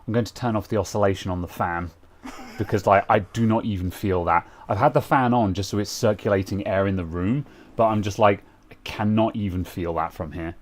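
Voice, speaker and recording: A man's voice: lowish voice, fairly quick. A young British man co-hosting a casual tech chat, rambling with lots of fillers and restarts. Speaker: co-host.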